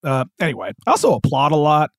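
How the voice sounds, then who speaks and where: A man's voice: a little high, very animated, fast, no room sound, clean studio sound. A man hosting a comedy podcast, chatting in an upbeat, casual way. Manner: upbeat, chatty, lots of fillers. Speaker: host.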